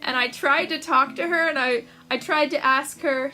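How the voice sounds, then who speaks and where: Bubbly high-voiced woman vlogging. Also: steady tone, moderate pace, pushed and bright. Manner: bubbly, laughs often. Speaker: author vlogger. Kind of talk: casual storytelling to camera. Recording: music playing behind.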